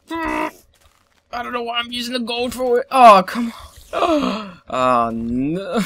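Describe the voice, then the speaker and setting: A young man giving solo let's play commentary, excitable, yelping, cursing at the game and laughing often. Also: fairly high pitch, slow pace, vocal fry. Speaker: gameplay commentator.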